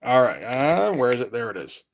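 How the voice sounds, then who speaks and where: A man's voice: mid-range voice, very animated, moderate pace, vocal fry. A man chatting casually on a live stream as a comic artist, rambling and laid-back, with casual swearing.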